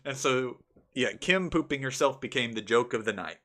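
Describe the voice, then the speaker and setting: A young man recaps the tabletop game he ran, and his bright, lively voice breaks into laughter as he goes. His telling is casual and animated, and he slips into quick character voices. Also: mid-range voice. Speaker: game master telling a story. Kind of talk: casual storytelling vlog.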